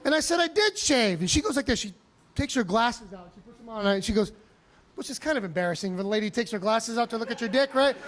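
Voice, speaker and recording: A male stand-up comedian telling a story on a comedy club stage, animated, profane and self-mocking. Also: very high voice, fast talker.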